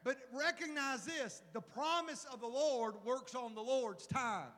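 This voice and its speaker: Middle-aged male pastor, very high voice, lively sermon delivery, long hall echo. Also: a little slow. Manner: animated preaching with rhetorical questions.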